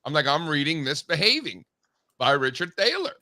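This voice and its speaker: A man's voice: a little high, big pitch swings, pushed and bright. A man hosting a casual market show, joking with his co-hosts and then reading off futures prices at speed. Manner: fast, joking banter with market quotes. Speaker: show host.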